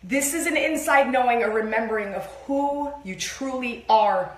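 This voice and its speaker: A woman co-hosting a livestreamed spiritual sermon, speaking in an animated, emphatic way and swearing freely. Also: on the high side, normal speed, reverberant.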